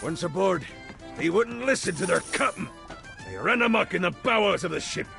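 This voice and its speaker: An actor playing a boisterous, scheming pirate captain in a video game, with a gravelly pirate brogue and swaggering, theatrical delivery. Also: male voice, high-pitched, sing-song, a little slow, a bit bright, heavily acted. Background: game music.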